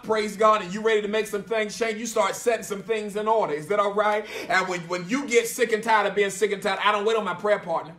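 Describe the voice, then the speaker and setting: A man, preaching a sermon as pastor in a church, emphatic and repetitive, punctuating lines with "praise God" and building to shouts. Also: high-pitched, echoey room, far from the mic. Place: church sanctuary.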